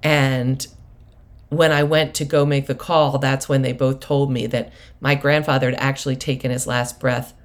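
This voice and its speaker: Her voice is bass, with little pitch movement and a moderate pace. She's a middle-aged woman, a prosperity coach and host, wandering through stories in a loose monologue packed with laughter and side comments.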